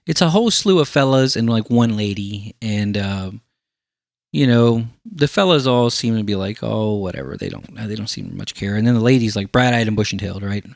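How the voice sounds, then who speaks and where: A man's voice: on the low side, animated, moderate pace, vocal fry, dry recording. Male podcast host, casual storyteller, acts out quoted voices; dry, close sound.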